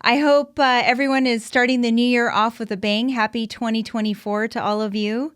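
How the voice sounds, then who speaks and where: A woman's voice: on the high side, fairly even intonation, a little fast, clean tone, dry recording, studio quality. A woman in her thirties hosting a podcast, talking candidly and chattily with frequent ums and restarts about life with her son. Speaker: podcast host, mother of an autistic son. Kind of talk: casual solo podcast talk.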